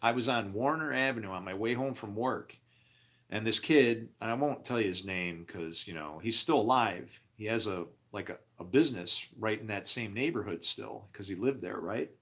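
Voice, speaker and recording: Middle-aged male storyteller, lively and loud, jumps into high voices for other people, casual and rough-spoken. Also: normal speed. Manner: animated, acts out other people's voices in a raised pitch.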